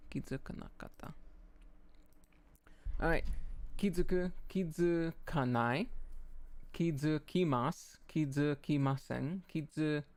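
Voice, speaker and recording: A man streaming his language study, slowly repeating verb forms and muttering to himself at a desk mic. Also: on the high side, lively intonation, gravelly. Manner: slow, repetitive drilling of words, muttering to himself. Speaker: VTuber streamer studying Japanese.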